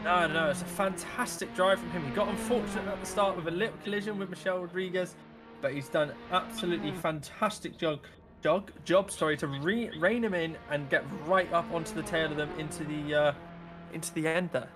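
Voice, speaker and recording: A high-voiced man co-commentates an online race, working through gaps and overtaking chances. Music and car engine sounds run clearly behind him. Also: brisk. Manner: analytical, talks through gaps and tactics. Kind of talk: sim racing commentary.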